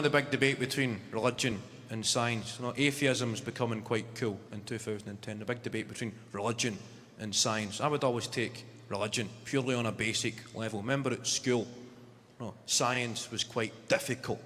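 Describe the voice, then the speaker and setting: A man's voice: mid-range voice, steady tone, brisk. A Glaswegian man doing a stand-up comedy set, telling stories with punchy delivery and mimicked voices. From Scotland. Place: comedy venue stage. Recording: reverberant venue with loud audience noise.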